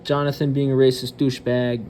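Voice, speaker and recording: A man's voice: mid-range voice, level tone, a little fast, darkish tone, a little hiss or hum. A man hosting his channel, ranting bluntly and cursing often, with hesitant fillers between remarks. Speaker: channel host. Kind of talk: profane ranting commentary.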